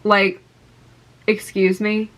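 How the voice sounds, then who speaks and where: A young woman vlogging to camera, telling an excited story with gushing exclamations and lots of fillers. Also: mid-range voice, very slow.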